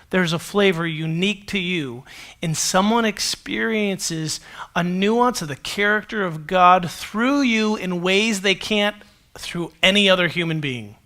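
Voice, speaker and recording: Bright, high-voiced pastor preaching. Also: male voice. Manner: conversational and animated, with self-deprecating humor. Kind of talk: sermon to a live congregation.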